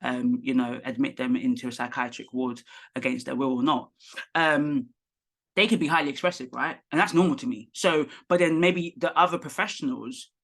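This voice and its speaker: A woman psychotherapist of Nigerian heritage, a podcast guest, talking in a lively, expressive way and explaining with examples. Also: a bass voice, normal speed. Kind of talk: podcast interview.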